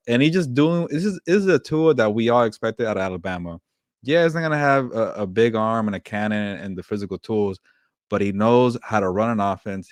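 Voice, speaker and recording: Low-voiced man in lively sports banter. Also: no echo, studio quality. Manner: animated, laughing, with frequent fillers and restarts. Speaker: podcast co-host. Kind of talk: casual sports chat.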